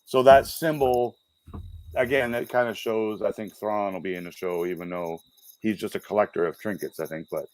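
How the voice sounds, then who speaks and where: A man co-hosting a livestream, chatting casually and relaxed about fan topics. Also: on the low side, normal speed, dry recording. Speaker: livestream co-host. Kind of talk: casual chat.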